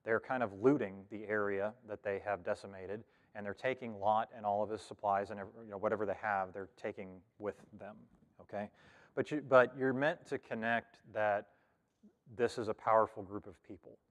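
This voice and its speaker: Oklahoma guy teaching a bible study at church, lowish voice, lots of um and restarts, big echoey hall. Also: steady tone, moderate pace. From Oklahoma, Cherokee Nation. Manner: conversational, thinks aloud with many fillers and restarts. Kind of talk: casual scripture lesson.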